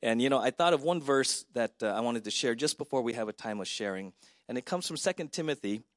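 A man's voice: mid-range voice, expressive, quick pace, no room sound, clean studio sound. Man giving a conversational memorial eulogy. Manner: conversational, warmly personal, with filler words. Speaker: pastor.

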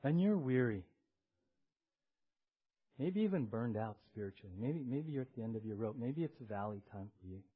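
Husky-voiced man preaching with dramatic swings. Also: medium pitch, normal speed, long pauses. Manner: animated, swinging from loud emphasis to hushed asides. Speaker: pastor. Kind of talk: sermon. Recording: dull lo-fi church audio recording.

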